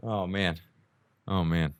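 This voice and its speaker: A man's voice: lowish voice, fairly bright tone, dry recording, clean studio sound. A young adult man hosting his own podcast, rambling through a casual solo monologue on a new home mic, often laughing at himself. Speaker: podcast host. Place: indoors at home during a rainstorm.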